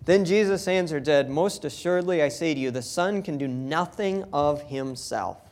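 A man's voice: a little high, normal speed, darkish tone. A man preaching a sermon as pastor, folksy and emphatic, reading scripture aloud between plain-spoken asides.

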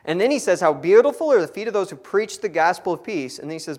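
A man's voice: high voice, very animated, quick pace, a little mellow. A man giving a conversational Bible teaching, reading scripture and adding folksy asides. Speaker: preacher.

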